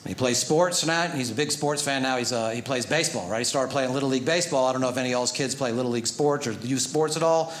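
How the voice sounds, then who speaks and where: A man's voice: medium pitch, fast talker, hardly any pauses, a little hiss or hum. A man doing a stand-up comedy set, telling stories and acting out the people in them. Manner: animated storytelling, acts out his son and other parents. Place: theater stage before a live audience. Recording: roomy hall with audience laughter. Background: crowd laughter.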